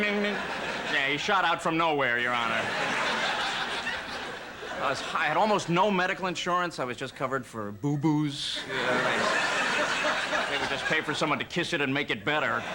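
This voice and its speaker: A stand-up comedian, a man, telling jokes on a TV stage in a dry, deadpan way that breaks into shrill yelps when he acts out scenes. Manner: deadpan delivery with sudden shrill outbursts when acting out scenes. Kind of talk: stand-up routine. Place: TV studio stage before a live audience. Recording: noisy TV studio audio.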